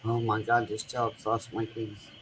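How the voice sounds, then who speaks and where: A woman's voice: rumbling low, a little slow, husky. A woman hosting a casual chat, telling rambling stories in loose, colloquial everyday speech. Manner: rambling animated storytelling with colloquial grammar. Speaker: host. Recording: noisy home recording.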